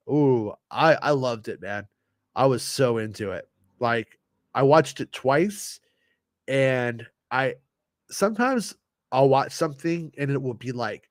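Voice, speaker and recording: A man hosting a casual livestream, reading from an article and reacting with loose, swearing commentary, slightly ill and clearing his throat. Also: mid-range voice, expressive, unhurried, dry recording, clean studio sound. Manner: chatty, reads quotes then reacts with swearing and laughs. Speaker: host reading an interview article.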